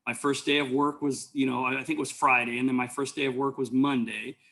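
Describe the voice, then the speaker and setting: A man's voice: mid-range voice, little pitch movement, quick pace, gravelly, a bit bright. A man teaching an EMT class, telling rambling stories full of fillers and restarts. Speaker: EMT instructor. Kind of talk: lecture with personal stories.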